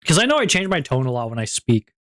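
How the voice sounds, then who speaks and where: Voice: medium pitch, very animated, quick pace, a bit bright, no room sound, clean studio sound. A streamer in casual stream chat, playful and rambling, with frequent giggles, talking into a home streaming mic.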